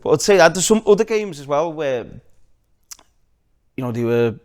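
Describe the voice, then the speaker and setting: A man with a Liverpool accent, a podcast guest recalling memories in a hesitant, soft-spoken way. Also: on the high side, animated, moderate pace, clean tone. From Liverpool, England. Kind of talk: casual interview chat.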